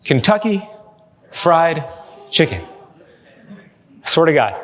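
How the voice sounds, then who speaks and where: A somewhat high-voiced man delivers a lively keynote to a live crowd, mixing jokes into his storytelling. His voice rings out with the long reverb of a big hall. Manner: energetic, joking storyteller. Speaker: keynote speaker. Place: large hall with live audience.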